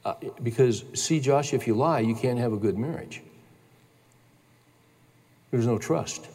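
A man in his sixties, a pastor telling a family story in a sermon, with slow emphatic declarations. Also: medium pitch, a little mellow, breathy edge. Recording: long church-hall reverb.

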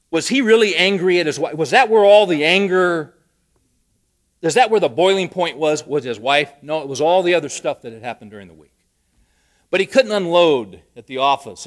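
A man preaching a sermon, telling a story with rising emphasis and dry humor. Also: fairly high pitch. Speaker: pastor.

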